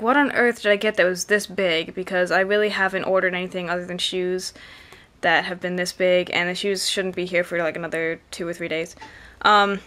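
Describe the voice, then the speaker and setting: A young woman vlogging to camera, chatty and rambling with many fillers, on the camera's own mic. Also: mid-range voice. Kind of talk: casual chat to camera.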